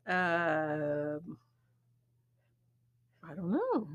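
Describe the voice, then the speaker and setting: A woman's voice: on the low side, sing-song, very slow. A woman co-hosting a podcast, guessing at movie quotes casually and thinking aloud with hesitant ums. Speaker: podcast co-host. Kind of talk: casual movie-trivia chat.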